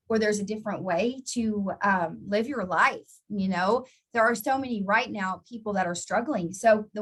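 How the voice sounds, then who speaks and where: A woman giving a casual live training talk to her network marketing team, chatty and encouraging, often restarting and repeating words as she answers viewers by name. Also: medium pitch.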